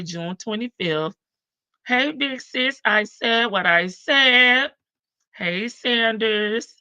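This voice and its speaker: Greeting her viewers one by one, an older woman in a sharp, mid-range voice stretches out her hellos on a casual live stream. There's no room sound, and the audio is dull lo-fi stream quality.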